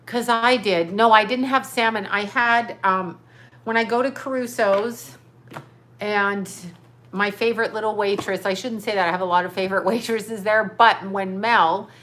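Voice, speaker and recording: At home, a woman hosts a casual livestream, chatting in a rambling way and greeting viewers while reading their comments aloud. Her voice sits at a medium pitch and is a bit bright, with fairly even intonation and a moderate pace.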